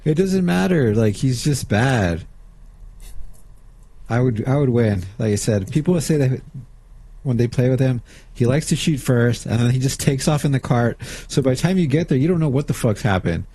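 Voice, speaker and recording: A man's voice: medium pitch, normal speed, breathy edge. A man co-hosting a podcast, chatting casually and telling profane, joking stories. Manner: profane, joking, animated retelling. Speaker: podcast co-host. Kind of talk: casual chat.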